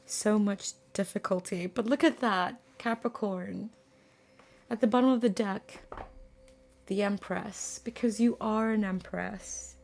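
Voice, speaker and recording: A woman giving a spoken tarot reading to her viewers, earnest and emotional, often pausing to search for words. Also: mid-range voice, vocal fry, a little mellow. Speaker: tarot reader.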